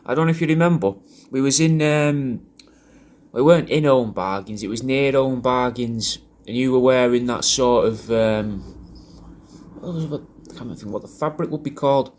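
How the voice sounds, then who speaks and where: A man with an English regional accent giving a rambling, crude, deadpan comic monologue as a personalised video message. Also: mid-range voice, normal speed. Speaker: comedic character doing a personalised video message.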